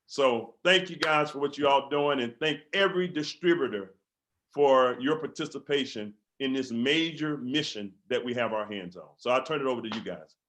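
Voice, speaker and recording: A man's voice: medium pitch, moderate pace, fairly bright tone. Fervent man rallying a sales team. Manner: fervent, repetitive exhortation with stumbling restarts. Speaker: company field leader. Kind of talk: motivational company call speech.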